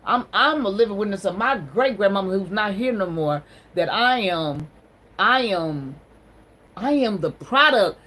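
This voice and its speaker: A woman's voice: medium pitch, lively intonation, a little slow, fairly bright tone, rough recording. A woman hosting a casual livestream on her phone, greeting viewers and talking in an encouraging, sermon-like way. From Ohio. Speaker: livestream host.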